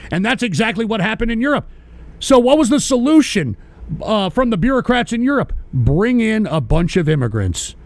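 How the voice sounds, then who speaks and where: Profane rant host: high-pitched man, dry close mic, berates his audience. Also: no room sound. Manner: profane, ranting, berating listeners. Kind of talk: live-streamed political rant.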